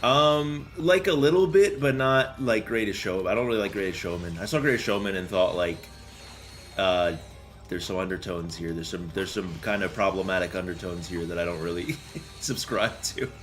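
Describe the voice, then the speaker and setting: A man's voice: deep voice, normal speed, a bit bright, soft background music. A young man livestreaming a game, rambling casually with lots of swearing, fillers and chuckles. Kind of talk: casual chat while playing a game.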